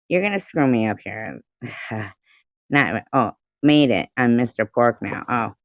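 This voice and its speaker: A middle-aged woman hosts a livestream, reading her chat aloud in an unhurried, drawn-out way. She laughs often and swears freely. The sound is dull and lo-fi, with no room echo. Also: extremely low pitch. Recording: dull lo-fi home stream audio.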